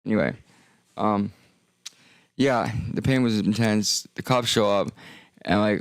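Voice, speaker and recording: Gravelly young man rambling on stream. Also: on the low side, normal speed, dry recording. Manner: rambling, jokey, trails off into mumbles. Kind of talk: rambling casual stream talk.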